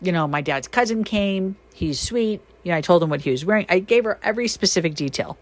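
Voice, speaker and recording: A woman with a somewhat low voice hosts a spoken podcast and tells her stories as casual talk. She is chatty, full of fillers, and jumps up in pitch when something excites her. Her delivery is animated and emphatic. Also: fast talker. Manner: chatty with many fillers like "you know". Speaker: podcast host and shaman. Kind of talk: casual storytelling monologue.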